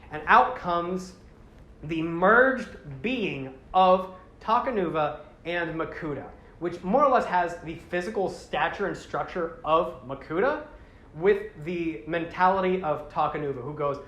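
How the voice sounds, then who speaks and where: A man casually retelling a story with excitement, acting out the characters in exaggerated voices. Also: a little high, normal speed. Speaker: podcast host recapping a franchise. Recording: echoey room with faint background noise.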